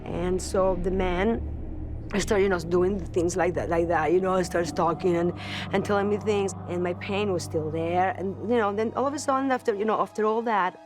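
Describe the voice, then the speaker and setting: Woman, lowish voice, earnest personal storyteller, halting and repetitive, music score underneath. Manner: earnest, searching for words, repeats phrases. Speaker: celebrity guest telling a ghost story. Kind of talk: emotional personal storytelling to camera.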